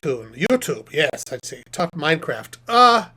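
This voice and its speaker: A man's voice: on the high side, very animated, measured pace, pushed and bright, husky, full character voice. A man voicing a goofy, chipper puppet host. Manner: rambling, jokey, chatty with viewers. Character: chatty male puppet host, cheery, goofy, pun-loving. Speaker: live stream host. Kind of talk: live stream chat.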